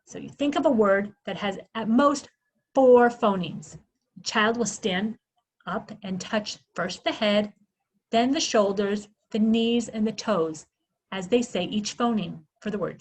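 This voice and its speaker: A woman giving a literacy workshop, sounding out phonemes slowly and asking questions she answers herself. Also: medium pitch, breathy edge, poor audio. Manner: slow, exaggerated sounding-out of phonemes; asks questions then answers them herself. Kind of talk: instructional presentation.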